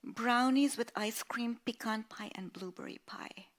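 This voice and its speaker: A woman voicing a timid, wistful middle-aged aunt who speaks in a hushed way. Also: medium pitch, sing-song, moderate pace.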